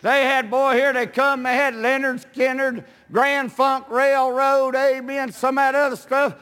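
An older man preaching a testimony sermon in folksy storytelling, sprinkling in amens and building to shouts. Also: extremely high pitch, level tone, measured pace, big-room sound. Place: church sanctuary.

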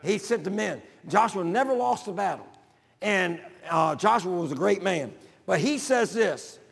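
Older preacher with a gravelly voice. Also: male voice, high voice, expressive, measured pace, in a large hall. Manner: folksy, builds to shouting. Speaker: pastor. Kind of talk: sermon.

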